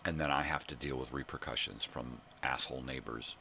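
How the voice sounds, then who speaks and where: An older man hosting his own daily vlog, ranting angrily and swearing, with bursts of shouting. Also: extremely low pitch, steady tone, fairly quick, vocal fry, a little hiss or hum. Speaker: vlog host. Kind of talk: angry profane rant.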